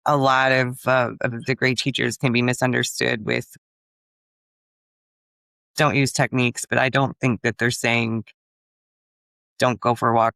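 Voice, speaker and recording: A woman's voice: extremely low pitch, vocal fry, a bit bright, no room sound. Reflective woman co-host, dry close sound. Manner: reflective, laughs at herself, swears casually. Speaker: podcast co-host. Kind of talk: casual conversation.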